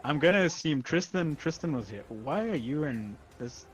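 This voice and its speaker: A man runs a tabletop game as its game master. He narrates the fights with lively energy and laughs often between lines. Faint music plays behind him. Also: a little high, normal speed.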